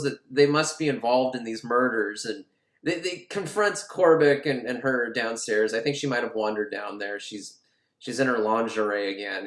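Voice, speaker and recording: Sarcastic, profane male film recapper, lively pitch, echoey room. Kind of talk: casual comedic film recap.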